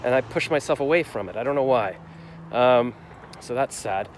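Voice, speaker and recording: A man's voice: mid-range voice, moderate pace. A man in his forties recapping his day in a rambling, reflective vlog, full of fillers and restarts. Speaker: vlogger. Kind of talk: casual daily vlog recap. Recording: faint street noise outdoors.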